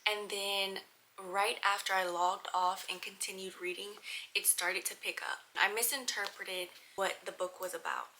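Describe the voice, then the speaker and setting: A woman's voice: medium pitch, bright, forceful tone, a little hiss or hum, poor audio. A woman, chatting animatedly and emphatically as she reviews books on her vlog. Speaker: book vlogger. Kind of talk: casual book review chat.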